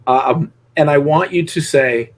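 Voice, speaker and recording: A middle-aged dog trainer with a voice on the high side speaks unhurriedly during a live coaching session. He coaches his student bluntly with salty, profane language, acting out dogs and people in voices.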